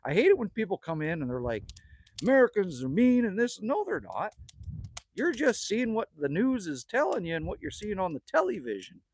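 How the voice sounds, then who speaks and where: Here the Manitoba livestream host has a high voice that swings hugely in pitch, a slightly rough texture and a pace a little on the fast side. Sitting in a cabin with a wood stove, the Canadian man rambles through casual chat, tells jokes and reads viewer messages aloud.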